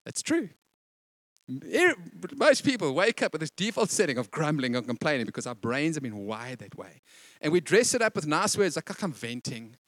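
A man preaching a conversational sermon, slipping into quick voiced asides. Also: a little high, very animated, a bit bright, dry recording. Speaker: pastor.

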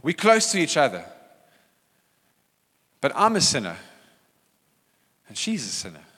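A man's voice: on the high side, wildly swooping pitch, unhurried, fairly bright tone, breathy edge. A man, a pastor, preaching a sermon in a church hall and acting out quoted voices with animation.

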